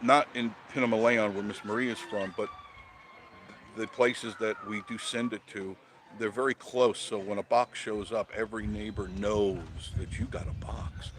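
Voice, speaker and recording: A man's voice: fairly low pitch, fairly even intonation, moderate pace, a bit bright, a little hiss or hum. A man hosting an unscripted live stream, talking bluntly and chattily and greeting viewers by name as he goes.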